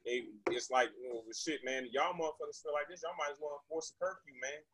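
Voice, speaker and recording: A man from Texas, telling a story as a podcast guest in an animated, profane, indignant way. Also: a little high, fast, slight background noise, rough recording. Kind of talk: casual storytelling.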